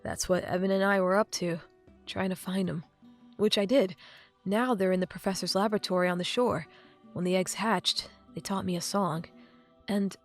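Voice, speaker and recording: A woman's voice: medium pitch, close to an everyday voice. A woman reading the lines of an awkward, earnest young male hero in an audiobook. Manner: hesitant, mumbling. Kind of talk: audiobook character voice.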